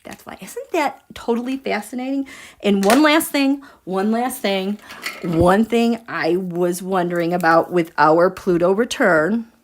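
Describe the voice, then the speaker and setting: A woman's voice: medium pitch, measured pace. A woman hosting a tarot and astrology livestream, chatting casually and emphatically with her viewers and reading out their comments. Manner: animated, emphatic, talks straight to her viewers.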